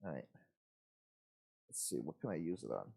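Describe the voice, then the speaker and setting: A man's voice: a bass voice, sing-song, moderate pace, gravelly, dark tone, slightly rough, no echo, studio quality. A man hosting a live model-building stream, chatting casually and rambling to himself as he works, in an easygoing, folksy way. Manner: rambling, talks to himself while working.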